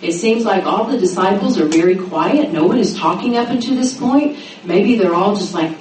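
A middle-aged woman teaching a sermon to a women's gathering, acting out the quoted voices with lively pitch. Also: normal speed. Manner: animated, dramatizing quotes with rising pitch. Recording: roomy echo, mic at a distance, faint noise.

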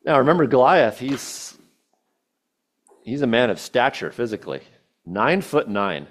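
Animated male preacher telling a story. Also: medium pitch, moderate pace. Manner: animated storytelling, casual asides, quoting scripture. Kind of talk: sermon.

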